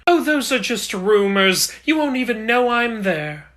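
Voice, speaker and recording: A man's voice: very high-pitched, very animated, a little slow, fairly bright tone, heavily acted. A man playing an overbearing, anxious mother goddess who pleads for help, in a comedy sketch. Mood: dismissive.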